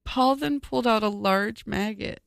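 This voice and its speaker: A young woman with a slightly high voice reads an article aloud on a casual podcast, groaning and cursing in disgust along the way. The sound is dry and close to the mic, with no room around it. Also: moderate pace, creaky, no echo. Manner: squeamish, groaning and swearing while reading. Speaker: podcast co-host.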